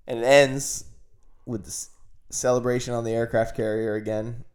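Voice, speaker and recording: A man's voice: medium pitch, level tone, normal speed, clear, resonant tone. A man co-hosting a podcast, chatting casually and earnestly about a movie with lots of "like" fillers. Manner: earnest, enthusiastic, many "like" fillers. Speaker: podcast co-host. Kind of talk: casual chat.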